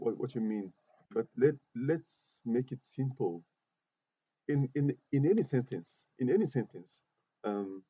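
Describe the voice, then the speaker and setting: A man's voice: on the low side, dark tone, slightly rough, no echo. A man teaching an English grammar class in a classroom, patiently repeating himself and asking the students questions. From Côte d'Ivoire. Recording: muffled lo-fi classroom recording.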